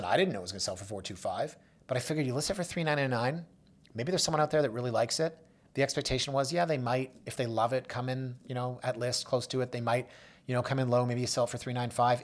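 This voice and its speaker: A man hosting a real estate show, telling client stories in a casual monologue and acting out the people he quotes. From Canada. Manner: storytelling, acts out quoted voices with big pitch jumps. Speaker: realtor and show host.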